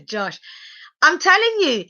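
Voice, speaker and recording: A woman's voice: sits high, sing-song, very slow, bright, forceful tone, no room sound, muffled recording. A woman giving a chatty live review of a reality show, exclaiming and asking her viewers questions. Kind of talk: live casual episode review.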